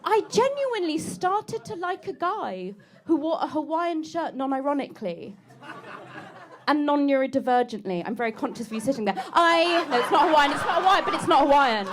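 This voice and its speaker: A woman delivers a chatty stand-up set, teasing the crowd and mocking herself. Her voice sits high and swings widely in pitch. The live club recording carries clear audience noise behind her. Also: lively intonation, moderate pace. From England. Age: 30s. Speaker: stand-up comedian. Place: comedy club.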